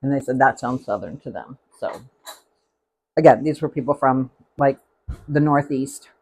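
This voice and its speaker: A man's voice: medium pitch, normal speed, darkish tone, husky. Chatty man hosting a cooking stream. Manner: chatty and rambling, tasting food as he talks. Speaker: cooking show host. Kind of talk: casual live-stream cooking chat.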